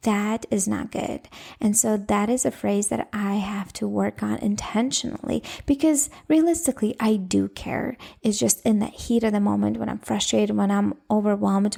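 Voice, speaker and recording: Gravelly, mellow-voiced woman in her thirties. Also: medium pitch. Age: 30s. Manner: earnest, conversational, speaks straight to the viewer. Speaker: parenting coach. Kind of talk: casual advice monologue to camera.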